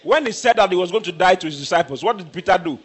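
A man preaching a sermon, emphatic and repetitive, breaking into shouts. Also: high-pitched, expressive, fast.

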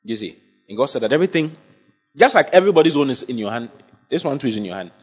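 A man's voice: mid-range voice, very animated, fast talker, slightly rough, faint music behind. A man preaching a sermon, emphatic and often checking that his congregation follows. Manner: emphatic, asks the congregation for assent. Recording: dull lo-fi sound.

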